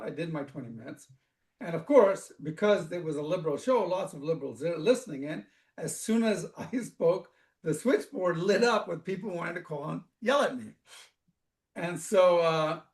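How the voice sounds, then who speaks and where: A man from Africa telling an animated, conversational story as a guest speaker, often restarting his sentences. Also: on the high side, moderate pace. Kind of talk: storytelling talk. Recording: echoey room.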